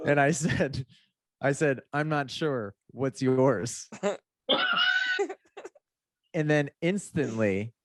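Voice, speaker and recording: A man's voice: medium pitch, no echo, studio quality. A man, a mindset coach guesting on a podcast, telling a story casually, laughing and acting out the messages he quotes.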